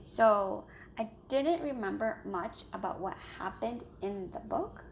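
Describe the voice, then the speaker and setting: A woman chatting casually on camera as a homeschooling parent, hurried and rambling with many filler pauses. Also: mid-range voice, expressive, slight background noise. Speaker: homeschooling parent reviewing books. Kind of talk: casual vlog chat.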